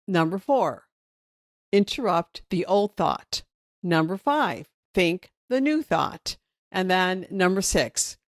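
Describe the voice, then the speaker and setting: A woman's voice: lowish voice, no echo, studio quality. A woman hosting a podcast, explaining in a chatty way and acting out worried inner thoughts. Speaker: podcast host and dog trainer. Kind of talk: solo podcast teaching.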